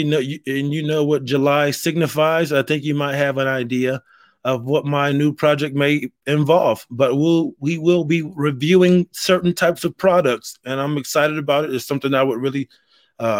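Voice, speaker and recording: A man's voice: fairly high pitch, no room sound, studio quality. A man hosting a solo podcast, talking in a rambling, earnest and heartfelt way. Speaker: podcast host. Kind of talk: casual solo podcast monologue.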